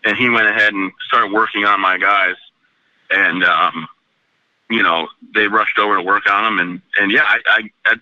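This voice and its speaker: A man, an Army veteran, calmly recounting a personal story in a remote interview, matter-of-fact and self-deprecating. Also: on the low side, moderate pace, no room sound, muffled recording.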